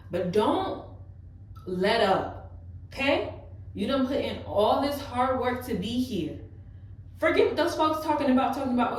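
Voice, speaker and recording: A young woman vlogger opens up emotionally to her viewers in a heart-to-heart talk, full of casual fillers. Her voice is mid-range and far from the mic, and the room echoes.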